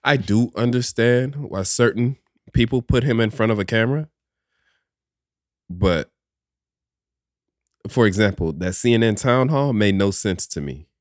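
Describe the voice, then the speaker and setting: With a fairly low voice, this male podcast co-host talks casually in a playful, opinionated manner. He is unhurried and pauses often, and the clean studio audio has no room sound.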